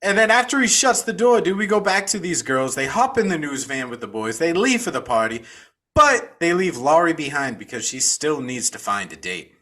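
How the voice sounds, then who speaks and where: A man's voice: fairly high pitch, big pitch swings, normal speed, sharp tone. A man co-hosting a podcast, recapping a film in a casual, profane storytelling way. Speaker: podcast co-host.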